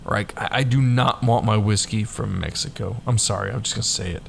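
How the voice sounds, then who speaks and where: A man's voice: on the low side, brisk, vocal fry, a little hiss or hum. A man co-hosting a whiskey podcast, chatting loosely and joking, swearing now and then. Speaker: podcast co-host. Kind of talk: casual whiskey chat.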